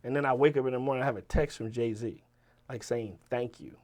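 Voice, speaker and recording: A man with a Virginia accent, a rapper telling stories as an interview guest in a casual, animated way, swearing and acting out the people he quotes. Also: mid-range voice, fairly quick. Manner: animated, profane, quotes people in lively voices. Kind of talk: casual storytelling.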